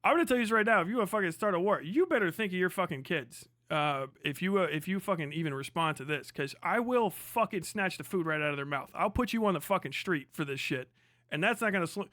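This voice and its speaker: A man's voice: sits high, expressive, quick pace, sharp tone, dry recording, studio quality. A man hosting a livestream, reacting to a debate with heated, mocking, profane rants.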